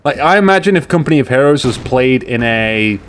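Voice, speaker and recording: A man's voice: medium pitch, animated, a little fast, noisy background. British man joking through game commentary. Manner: joking, rambling, sarcastic asides. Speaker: game caster. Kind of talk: casual game commentary over a replay. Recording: game gunfire and explosions in the mix.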